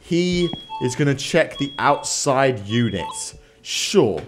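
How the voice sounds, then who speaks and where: Jumpy, lively young-sounding gaming man. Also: medium pitch, takes it slowly, music in the background. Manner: jumpy and stammering, talks nervously to viewers. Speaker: gaming video host. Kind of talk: let's play commentary to viewers.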